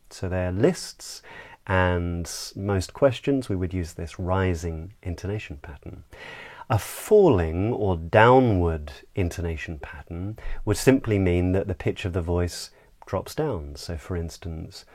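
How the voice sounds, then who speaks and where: A man, a voice coach, giving a measured, explanatory lesson on intonation. He demonstrates pitch glides with sung sounds as he explains. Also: darkish tone. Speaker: voice and speech coach.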